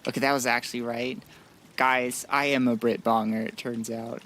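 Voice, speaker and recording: A man streaming a modded game, chatting casually and self-deprecatingly, often muttering quietly to himself. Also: medium pitch, little pitch movement, moderate pace, slight background noise. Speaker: gaming streamer. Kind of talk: casual gaming commentary.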